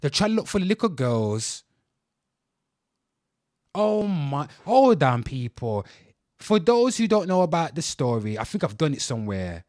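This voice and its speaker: A man in full rant mode, his voice jumping and swinging widely as he swears and calls out to his viewers. He sits a little higher than most men, and the sound is close and dry with no room around it. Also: very animated, a little slow, long pauses, a little mellow, no room sound. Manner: profane, heated, keeps addressing viewers. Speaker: livestream host. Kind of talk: angry news rant.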